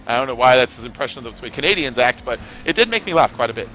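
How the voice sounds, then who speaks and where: Casual racing-game commentary from a California streamer who swears a lot and rambles. His mid-range voice sounds pushed and bright, animated and racing along, over faint background music.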